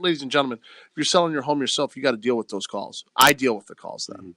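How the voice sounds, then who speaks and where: Bright-voiced man on talk radio. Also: medium pitch, lively intonation, fast, no echo. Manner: emphatic, plain-spoken sales talk. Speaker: real estate agent. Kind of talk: radio talk show chat.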